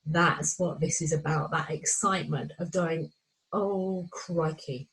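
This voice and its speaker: A middle-aged woman coach walking listeners through a course module, animated and excitable, often acting out inner voices. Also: sits low, normal speed, rough recording. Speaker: menopause anxiety coach. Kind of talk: recorded course walkthrough.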